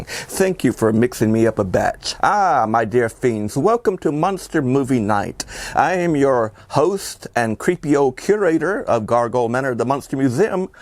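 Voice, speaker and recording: A man's voice: mid-range voice, big pitch swings, normal speed, darkish tone, no room sound. A man hosting a horror movie show, greeting viewers theatrically, rambling and chuckling often. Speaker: horror host. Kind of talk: hammy horror-host introduction.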